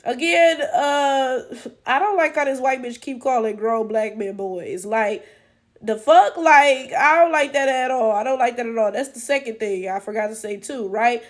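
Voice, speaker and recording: A woman's voice: on the high side, moderate pace. A woman giving blunt, profane, incredulous reaction commentary full of rhetorical questions. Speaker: reaction channel host.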